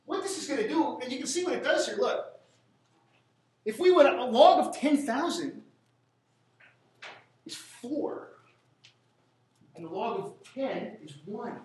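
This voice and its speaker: A man's voice: extremely high pitch, lively intonation, moderate pace, pauses often, darkish tone. A man from Canada giving a classroom statistics lecture, rambling and joking with sarcastic asides. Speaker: statistics teacher. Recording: echoey room from a distant mic.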